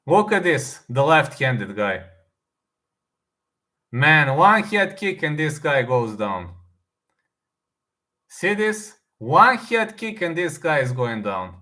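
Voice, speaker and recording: A man hosting an MMA news reaction, talking casually and excitedly, repeating himself as he acts out fight moves. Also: on the high side, slow pace, pauses often, roomy sound.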